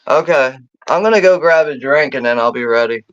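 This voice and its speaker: A man's voice: medium pitch, fairly quick, a bit bright. A man co-hosting a casual stream, telling stories loosely with lots of "like" and the odd swear. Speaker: co-host of a watch-along stream. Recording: dull lo-fi stream audio.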